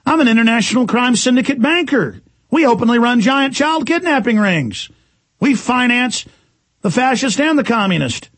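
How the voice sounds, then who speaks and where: A man's voice: lively intonation, moderate pace, heavily acted. A man voicing a lying male scorpion who boasts of being a predator, gloating in a raised voice. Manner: gloating, loud and high.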